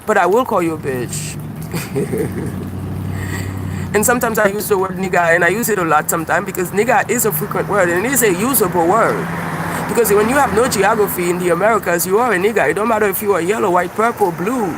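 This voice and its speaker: A man live-streaming outdoors by a busy street, rambling through a profane, animated monologue and laughing at his own jokes. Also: high voice, fast. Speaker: YouTube livestreamer and self-described comedian. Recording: outdoor street traffic noise. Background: passing cars and birdsong.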